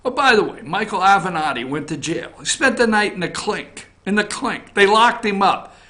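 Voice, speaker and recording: A man hosting an opinion show from an office, animated, jumping between loud outbursts and muttered asides. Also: sits high, normal speed. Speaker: host. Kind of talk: opinion commentary on news and politics.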